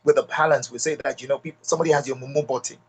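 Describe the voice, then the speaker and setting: A man's voice: medium pitch, steady tone, rapid-fire, a little mellow, husky. A middle-aged man with a Nigerian accent gives an emphatic motivational talk at a leadership retreat, repeating key lines and speaking straight to the audience.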